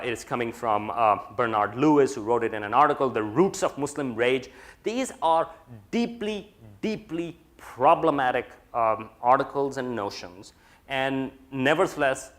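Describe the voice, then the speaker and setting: A man's voice: mid-range voice, a bit bright. A man giving an academic lecture, talking in a discursive way with many fillers and restarts. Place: lecture room.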